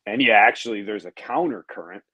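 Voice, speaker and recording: A man with a lowish voice explains sailing in an easy, unhurried podcast chat. He thinks aloud, with an um here and there, and the sound is close and dry, with no room around it. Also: sharp tone, slightly rough, no echo, highs cut off. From United States. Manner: explanatory, thoughtful, with frequent ums. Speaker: professional racing sailor guest. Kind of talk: relaxed conversational podcast chat.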